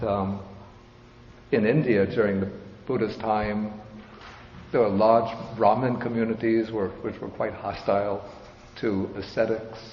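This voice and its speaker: A man with a low voice gives a measured Buddhist teaching. He talks in a roomy hall with a long reverb, and the recording sounds dull. He explains patiently and sometimes adds a light joke. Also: slight background noise. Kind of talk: dharma lecture.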